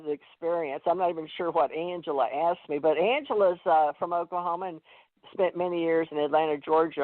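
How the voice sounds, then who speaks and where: A man's voice: on the high side, no room sound. A man hosting a call-in radio show, talking in a rambling way with many fillers and restarts. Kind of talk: casual call-in chat. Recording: tinny phone line.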